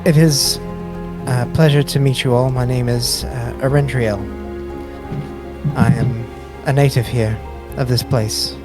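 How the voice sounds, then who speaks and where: A man's voice: mid-range voice, fairly even intonation, loud music behind the voice, lightly acted. A man voicing a formal, courteous elf. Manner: formal, measured speech.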